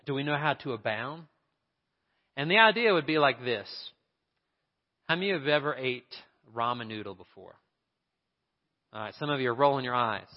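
A man preaching a sermon in an earnest, conversational way, asking his listeners questions as a pastor. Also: mid-range voice. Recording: dull sound with long hall reverb.

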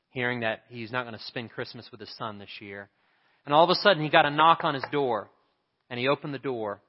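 An earnest male pastor preaches and tells a story at a middling pitch. His voice rings with a long hall reverb, and the recording sounds dull and lo-fi. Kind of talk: sermon.

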